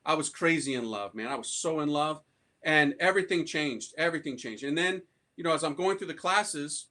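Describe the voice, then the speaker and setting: A priest from the United States tells his conversion story to a live audience in a loose, slangy, animated way. His voice sits a little high for a man and rings bright and forceful. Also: a little fast. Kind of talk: conversion testimony talk to an audience.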